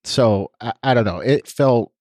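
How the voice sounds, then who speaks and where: A man's voice: mid-range voice, unhurried, darkish tone, dry recording. A man co-hosting a podcast in casual chat, rambling and hesitant with many restarts. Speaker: podcast co-host.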